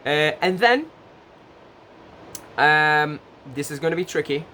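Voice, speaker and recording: A man giving gentle, casual advice straight to the camera, full of fillers and restarts. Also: a little high, expressive, slow pace, a little hiss or hum. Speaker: advice vlogger.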